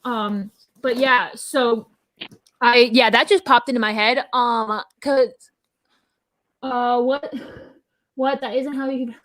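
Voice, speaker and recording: A woman co-hosting a casual talk show, telling stories in a rambling, animated way full of restarts. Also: fairly high pitch, slow pace, pauses often, no room sound, studio quality. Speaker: podcast co-host. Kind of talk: casual chat.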